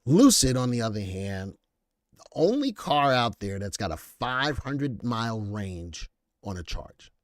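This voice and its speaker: A man hosting a live stock market commentary show, animated and joking as he reads viewer comments aloud. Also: mid-range voice, unhurried, no room sound, clean studio sound.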